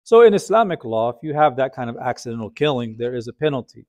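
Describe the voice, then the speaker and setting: A man's voice: medium pitch, sing-song, fast, a little mellow. A man teaching Islamic history as a conversational storytelling lecture, often asking his listeners rhetorical questions.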